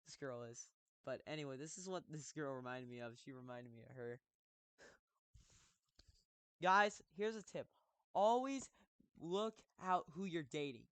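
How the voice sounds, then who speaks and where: A young man streaming a game, telling a story casually, rambling with many fillers and restarts and bursts of loud emphasis. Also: a little high, clean tone, no echo. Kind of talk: casual storytelling while gaming.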